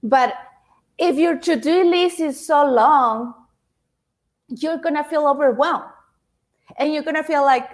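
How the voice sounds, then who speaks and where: A woman with a high voice and a non-native accent gives an interactive motivational talk, speaking directly to her audience. She is chatty and repeats words as she goes. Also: takes it slowly, long pauses. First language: not English. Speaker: speaker giving a self-help talk.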